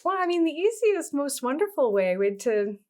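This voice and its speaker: A woman from Canada, a therapist guest on a podcast, explaining things calmly with strings of questions. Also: high-pitched, normal speed. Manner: explains steps with strings of questions, calm and instructive. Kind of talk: podcast conversation.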